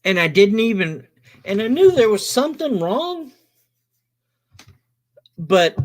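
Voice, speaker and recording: A middle-aged man casually telling a personal story, animated, swearing and quoting others in his own voice. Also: high-pitched.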